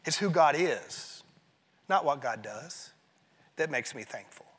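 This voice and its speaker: High-pitched, bright-voiced preaching pastor. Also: male voice, animated, takes it slowly, slightly rough, long reverb tail. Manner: emphatic preaching, drops to a hush on key phrases. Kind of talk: sermon.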